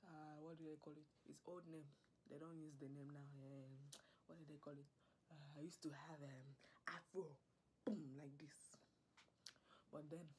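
A woman's voice: deep voice, darkish tone, slight background noise, close to an everyday voice. A woman voicing a fussy, doting middle-aged African father with an African English accent, in a whispered role-play, coaxing and pleading. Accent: African English impression. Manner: coaxing, pleading, fussing over the listener.

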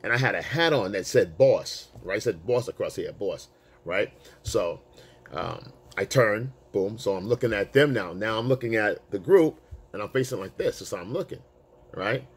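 A male dating coach telling a story to camera in a casual, animated way, swearing freely and using street slang. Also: fairly low pitch, moderate pace, slightly rough.

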